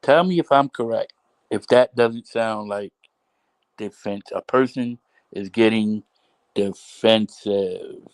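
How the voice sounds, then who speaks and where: A man hosting a casual livestream, talking slowly and repeating himself with frequent restarts. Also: fairly low pitch, rough recording. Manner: slow, repetitive, drawn-out talk with many restarts. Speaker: livestream host.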